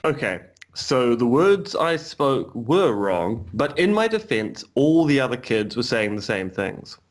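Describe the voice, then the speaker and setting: A man's voice: medium pitch, sing-song, unhurried. A man co-hosting a podcast over a video call, chatting casually with dry, self-deprecating jokes. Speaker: podcast co-host. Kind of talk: casual chat. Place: home in Romania.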